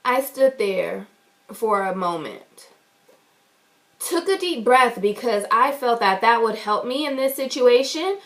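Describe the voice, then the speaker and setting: A woman's voice: fairly high pitch, animated, takes it slowly, a bit bright. A woman vlogger telling a story in an indignant, emphatic way, swearing freely. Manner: indignant, emphatic and profane retelling. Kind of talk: storytime vlog.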